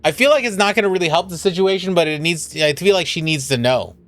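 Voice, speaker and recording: A man live-streaming a story game, swearing loudly, laughing and reading the characters' lines aloud. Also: high-pitched, fast talker.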